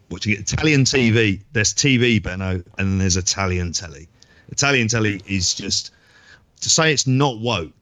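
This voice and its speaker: A man's voice: sits low, a bit bright, dry recording. A man co-hosting a podcast, telling rambling stories in casual chat and swearing freely. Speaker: podcast co-host.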